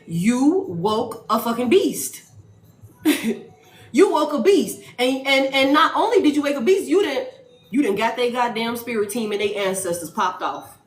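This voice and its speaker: A woman giving a casual tarot reading, animated and profane, repeating lines for emphasis. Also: on the high side. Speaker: tarot reader. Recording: echoey room, faint music behind.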